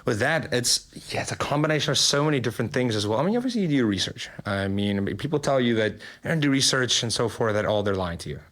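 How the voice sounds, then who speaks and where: A young man from South Africa, a social media creator, answering interview questions in a candid, animated way. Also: mid-range voice, fast, few pauses.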